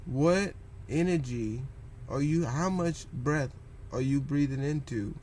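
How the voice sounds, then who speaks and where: A man's voice: medium pitch, darkish tone, a little hiss or hum. A man talking casually and rambling about meditation and posture, often asking "you know what I'm saying" and acting out what others say. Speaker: vlogger.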